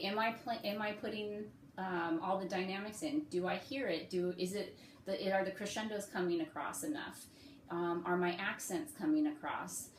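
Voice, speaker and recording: A woman who teaches music, giving step-by-step practice advice in a relaxed, friendly way with frequent ums and okays. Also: medium pitch, reverberant, slight background noise. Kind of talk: casual instructional talk.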